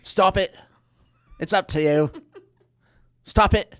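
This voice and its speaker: A man doing an impression of a blunt, dismissive male life coach with a Scottish accent, loud and high-pitched with clipped, repeated phrases. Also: slow, smooth.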